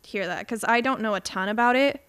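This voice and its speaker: A woman's voice: a little high, brisk, fairly bright tone, smooth. A young woman in her twenties co-hosting a podcast, joking around in casual chat and hamming up quoted voices. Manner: playful, jokey, hams up quoted voices. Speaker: podcast co-host.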